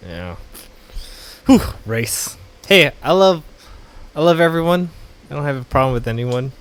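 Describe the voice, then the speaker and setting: A man's voice: on the high side, sing-song, a little slow, clean tone. A man co-hosting a casual podcast chat, joking and laughing as he goes. His voice swings widely up and down, and he often stumbles over his words. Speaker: podcast co-host. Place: California.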